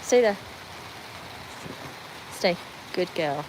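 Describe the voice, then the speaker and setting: A woman's voice: lowish voice, lively intonation, drawn-out words, noisy background. A woman with a British accent hosting a casual livestream from a covered veranda in the rain. She chats with viewers, reads out their comments and coaxes her dogs along. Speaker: livestream host. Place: covered tin-roofed veranda during rain.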